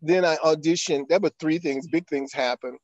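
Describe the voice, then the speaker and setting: Older man telling stories, slightly high voice. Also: moderate pace, no room sound, dull audio. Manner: animated anecdote with acted quotes and frequent fillers. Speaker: actor guest. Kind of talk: storytelling in an interview.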